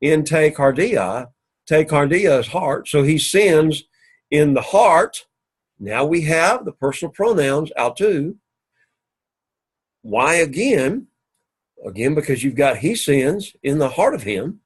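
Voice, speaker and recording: A man giving a recorded classroom lecture as a Greek teacher, explaining slowly and repeating points methodically. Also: on the high side, sing-song, husky.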